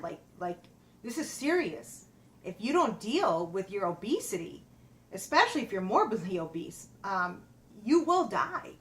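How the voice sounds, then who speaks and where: A middle-aged woman, a personal trainer, telling a personal story in a halting, emotional way with many fillers and restarts. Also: medium pitch, a bit bright.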